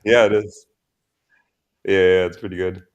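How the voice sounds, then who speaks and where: A man co-hosting a livestream in casual chat, relaxed, laughing often and swearing casually. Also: low-pitched, a little slow, lo-fi sound. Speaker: developer co-host.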